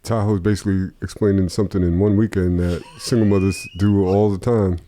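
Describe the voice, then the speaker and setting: Male podcast co-host, very low and mellow, brief interjections. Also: steady tone, fairly quick, slight background noise. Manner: short backchannel replies and laughs. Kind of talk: casual podcast chat.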